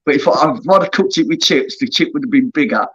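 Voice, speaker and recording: A man's voice: a little high, lively intonation, fast talker, slightly rough. A man chatting casually as a caller on a live panel, rambling and friendly. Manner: rambling, friendly, says mate a lot. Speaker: guest caller. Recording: dull lo-fi call audio.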